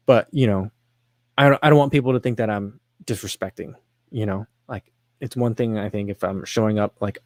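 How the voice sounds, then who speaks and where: A man's voice: fairly low pitch, a little fast, a little mellow, dry recording. Chatty man hosting a running livestream. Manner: rambling, self-deprecating, with frequent restarts and fillers. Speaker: livestream host reading chat questions. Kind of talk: casual livestream chat.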